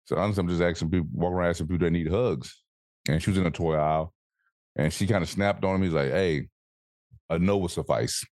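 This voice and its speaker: A man co-hosting a podcast in casual chat, animated and swearing freely, acting out voices as he tells stories. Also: deep voice, fast talker, no room sound, clean studio sound. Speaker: podcast co-host.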